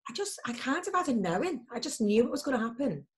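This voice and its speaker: Lively woman. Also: a little high, fast. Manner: lively, emphatic storytelling with frequent fillers. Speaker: interview guest. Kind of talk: candid interview chat.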